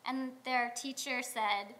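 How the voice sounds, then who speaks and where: A woman rabbi delivering a sermon in a synagogue, telling stories in a conversational way with pauses. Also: sits high, steady tone, sharp tone. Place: synagogue sanctuary.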